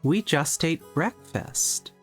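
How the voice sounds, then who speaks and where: Dry-witted let's-play co-host, slow and lively. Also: mid-range voice, breathy edge, soft background music. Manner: dry, wry remarks. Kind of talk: casual commentary.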